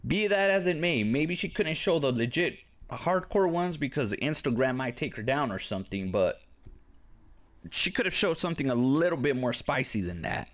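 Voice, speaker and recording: Speaking at medium pitch and a moderate pace, a young Mexican-American man raised near a casino delivers blunt reaction commentary on clips. His casual rants are animated and full of profanity.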